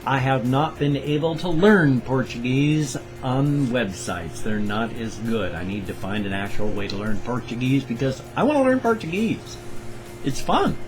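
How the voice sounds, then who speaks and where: A man's voice: mid-range voice, expressive, normal speed, music in the background, rough recording. An older man from the Pacific Northwest with its accent, chatting in a rambling, self-correcting way in a casual solo vlog. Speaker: vlogger.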